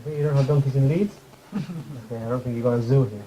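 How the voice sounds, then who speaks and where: A man giving an informal sermon in a mosque, speaking conversationally with the audience, putting questions to them and making light jokes, and quickly reciting Arabic verses. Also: medium pitch, dark tone. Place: mosque hall. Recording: crackly muffled recording.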